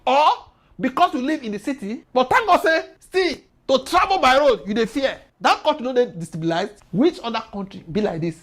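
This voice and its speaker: Husky Nigerian woman firing rhetorical questions. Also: high-pitched, animated, fairly quick. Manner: rhetorical questions, mixes pidgin, emphatic. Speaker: political commentator. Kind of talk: impassioned commentary.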